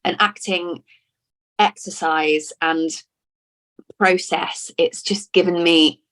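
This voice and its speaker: A woman's voice: on the low side, steady tone, takes it slowly, fairly bright tone. A woman from Lincoln in England, an actress talking in a casual interview, chatty and full of restarts and repeated words. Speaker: actor being interviewed.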